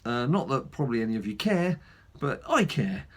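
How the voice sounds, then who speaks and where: A man's voice: medium pitch, sing-song, normal speed. A man hosting a gaming channel, chatting casually through a mobile game with lots of fillers and self-mocking asides.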